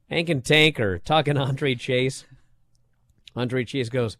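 A man co-hosting a wrestling podcast, talking in casual chat and getting worked up into loud disbelief. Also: medium pitch, takes it slowly, pauses often, dry recording, studio quality. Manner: animated, rising to loud disbelief. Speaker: wrestling show co-host.

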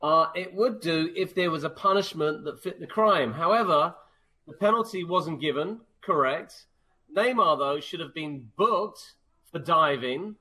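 A man's voice: a little high, lively intonation, measured pace, pushed and bright, husky. A man co-hosting a sports talk radio show, giving firm opinions in a dry, matter-of-fact way on a studio mic. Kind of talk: casual sports radio chat.

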